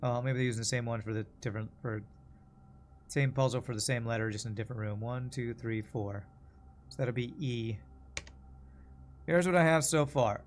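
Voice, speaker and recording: A man's voice: mid-range voice, moderate pace, pauses often, a little hiss or hum. A man streaming a puzzle game, muttering and thinking aloud to himself and his chat. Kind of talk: casual gameplay commentary.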